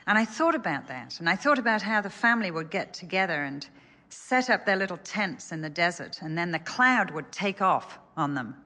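A woman's voice: on the low side, sing-song, moderate pace, bright, forceful tone. An older woman telling an earnest personal story in a sermon. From England. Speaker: speaker. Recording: echoey hall.

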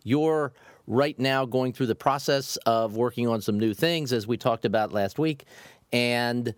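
A man's voice: mid-range voice, unhurried, no room sound, clean studio sound. A man co-hosting a casual podcast, chatty and friendly, with some stammered starts. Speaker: podcast co-host. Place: home in Florida.

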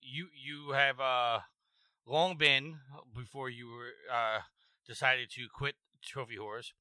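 A man's voice: mid-range voice, fairly even intonation, slow pace, bright, forceful tone, clear, resonant tone, no echo. A man hosting a casual podcast chat, joking while eating. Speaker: podcast host.

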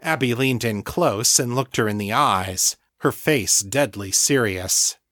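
A man narrating his own novel as an audiobook in a measured, steady way. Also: mid-range voice, no room sound, clean studio sound.

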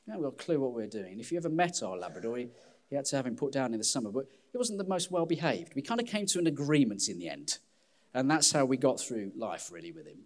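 Animated man preaching. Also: on the high side. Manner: candid, self-deprecating, animated. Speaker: pastor. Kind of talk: sermon.

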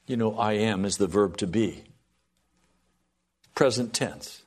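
A man preaching a sermon to a congregation, swinging from loud pleading to soft, hushed lines. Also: fairly low pitch, slow.

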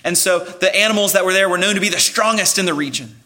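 Speaking quickly, a male preacher gives his sermon in a bright, high voice with some force behind it. He earnestly explains his points, now and then starting a phrase over and pressing ahead with growing emphasis.

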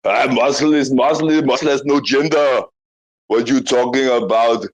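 A man's voice: medium pitch, moderate pace, dull audio, natural voice. A man putting on a thick Austrian German accent, boastful musclebound hero. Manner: boastful, playful, broken English. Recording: online audio chat.

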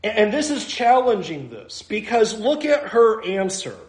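A man's voice: sits high, very animated, unhurried, echoey room. A man preaching a sermon in a conversational, self-deprecating way, acting out little asides. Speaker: pastor.

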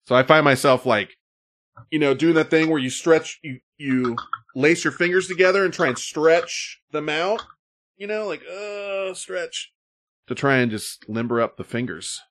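A man's voice: on the high side, normal speed, fairly bright tone, no room sound, studio quality. Rambling, swearing man streamer. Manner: rambling, loose, swears often. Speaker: stream co-host. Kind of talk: casual profane chat.

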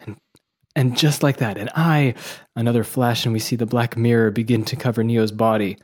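A man co-hosting a podcast in casual chat, reading a film script aloud and acting out its lines in soft whispers and sudden shouts. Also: medium pitch, fairly even intonation, normal speed. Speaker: podcast co-host.

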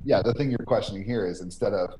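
On a noisy line with a loud crowd behind him, a game designer speaks earnestly in a podcast interview, often adding "right?" to his points. His voice is on the low side and his pace is quick.

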